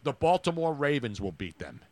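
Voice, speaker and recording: A man co-hosting a sports podcast, talking in an animated, rambling, teasing way. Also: on the high side, fairly quick, no room sound. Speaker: podcast co-host. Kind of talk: casual sports chat.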